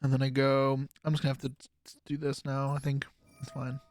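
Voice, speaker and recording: A man's voice: medium pitch, completely flat delivery, fast talker, dry recording, studio quality. A man casually commentating his own card game play on a live stream, joking and swearing. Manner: laid-back, jokey, swears and laughs often.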